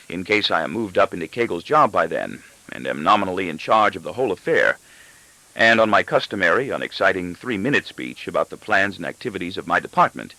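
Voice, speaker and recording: A man reading a first-person novel aloud as audiobook narration, expressive and even-paced. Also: deep voice, dry recording, poor audio. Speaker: audiobook reader.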